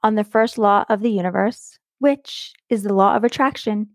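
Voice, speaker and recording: Gushing, gravelly-edged woman podcast host. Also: medium pitch, normal speed, dry recording, clean studio sound. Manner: enthusiastic and affectionate, stretching words for emphasis. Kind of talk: warm motivational podcast monologue.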